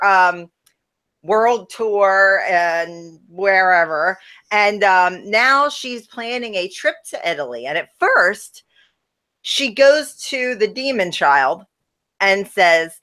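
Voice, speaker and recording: A woman's voice: medium pitch, bright, forceful tone. A woman co-hosting a casual gossip chat, blunt and exasperated, swearing freely as she recaps a reality show. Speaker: podcast co-host, former wrestler.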